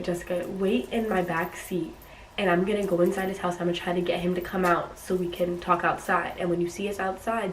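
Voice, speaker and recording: A young woman telling a story on her vlog in a casual, animated way, acting out what people said. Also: mid-range voice, reverberant, distant mic, a little hiss or hum, rough recording. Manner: animated retelling, acts out quotes. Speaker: YouTuber.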